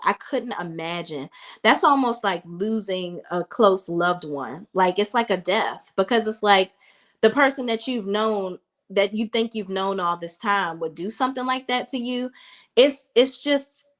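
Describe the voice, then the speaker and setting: Woman in her thirties, casual recap host, chatty and direct with her viewers, mid-pitched voice. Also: fairly bright tone. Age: 30s. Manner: chatty, talks straight to viewers as y'all. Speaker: reality TV reviewer.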